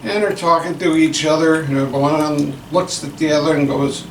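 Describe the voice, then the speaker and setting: A man reviews fast food in a loose, joking way, with a slightly raised voice. He sounds distant in an echoey room with noticeable background noise. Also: on the high side, steady tone. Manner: joking, rambling. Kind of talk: casual food review chat.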